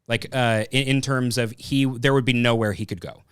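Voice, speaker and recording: A man's voice: medium pitch, steady tone, normal speed, clear, resonant tone, no room sound, clean studio sound. A man hosting a casual film review podcast, rambling and thinking aloud as he tells a story. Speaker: podcast host.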